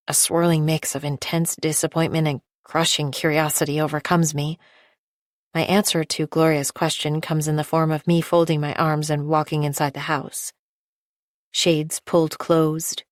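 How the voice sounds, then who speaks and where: A woman reading a first-person novel aloud in a measured, precise, detached way. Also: deep voice, flat delivery, no room sound, clean studio sound. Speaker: audiobook narrator. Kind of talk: first-person scripted narration.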